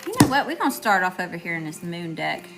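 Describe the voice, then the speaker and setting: A woman's voice: lowish voice, very animated, fast talker, vocal fry, over music. A woman giving a live tarot reading, chatty and informal, greeting viewers and often checking in with "okay?". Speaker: tarot reader.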